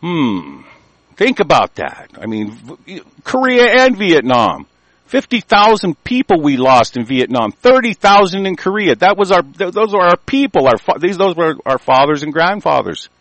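An older American man giving a profane, angry monologue, reading news aloud and commenting, swinging from low mutters to shouting. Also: big pitch swings, normal speed, no room sound, rough recording. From United States.

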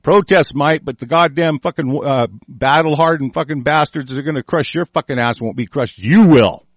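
On his commentary show, a man with a fairly high-pitched voice speaks at normal speed, recorded with no room sound. Angry and shouting, he curses constantly and trips over words as he reads the news aloud.

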